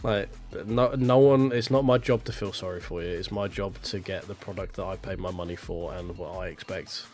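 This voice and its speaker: A man's voice: sits low, steady tone, moderate pace, hardly any pauses, a little mellow, faint music behind. A millennial man, ranting bluntly and swearing freely in casual stream chat. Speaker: sim racing streamer.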